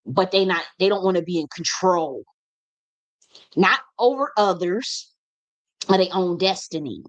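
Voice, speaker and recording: A woman's voice: on the low side, unhurried. A woman speaking as a spiritual teacher in an impassioned monologue, blunt and profane, repeating phrases for emphasis.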